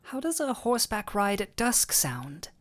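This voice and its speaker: Woman playing a doting clumsy dullahan boyfriend, unhurried, tender, giddy, audio role-play. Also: mid-range voice, sing-song. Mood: affectionate. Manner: tender, giddy and affectionate, playful self-teasing. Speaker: voice actor.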